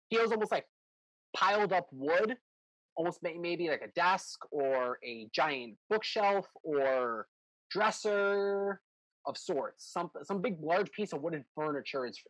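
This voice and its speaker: A man's voice: on the high side, lively intonation, measured pace, fairly bright tone, no room sound, low-quality recording. A man running a tabletop game as game master, describing scenes in a rambling, self-correcting way.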